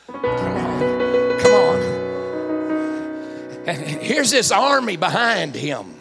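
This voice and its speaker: A man's voice: on the high side, sing-song, drawn-out words, creaky, long pauses, loud music behind the voice. A man preaching a sermon, calling out to the congregation with rising fervor. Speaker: pastor.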